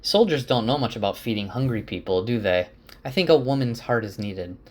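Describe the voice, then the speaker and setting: A man voicing a young male leader who is weary and burdened, reading the lines quickly as part of a casual summary. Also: mid-range voice, lively intonation, natural voice.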